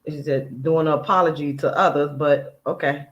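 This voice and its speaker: A man with a fairly high speaking voice for his sex, talking in a chatty, conversational way. He hosts a reaction commentary, quoting another person's words and picking them apart line by line. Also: fairly even intonation, moderate pace, highs cut off. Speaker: commentary channel host.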